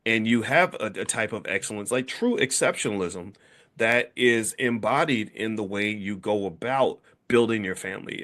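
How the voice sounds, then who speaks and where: A man's voice: on the low side, fairly bright tone. A middle-aged man hosting a casual conversation, talking in a rambling way with many restarts and fillers. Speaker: host, founder of a business school.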